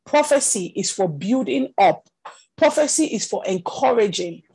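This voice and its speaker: A woman's voice: mid-range voice, lively intonation, moderate pace, warm tone, husky, low-quality recording. A woman teaching a prophetic ministry class over a video call, talking conversationally with many "you know" fillers. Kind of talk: teaching session.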